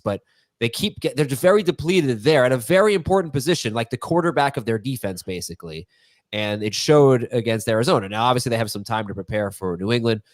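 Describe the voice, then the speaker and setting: A man's voice: medium pitch, no echo. A man hosting a live sports Q&A show in a loose, chatty way, reading viewer questions. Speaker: host. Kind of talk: casual live Q&A chat.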